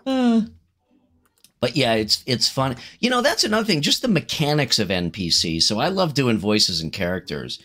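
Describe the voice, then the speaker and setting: A man co-hosting a casual podcast chat, swearing freely, laughing often and breaking into loud joking outbursts. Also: mid-range voice, sing-song, normal speed. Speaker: podcast co-host.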